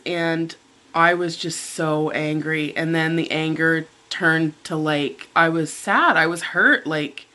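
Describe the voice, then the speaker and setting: Bright-voiced middle-aged woman telling a story. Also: low voice. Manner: animated retelling, acting out her own quoted lines. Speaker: mukbang vlogger. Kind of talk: storytime chat over breakfast.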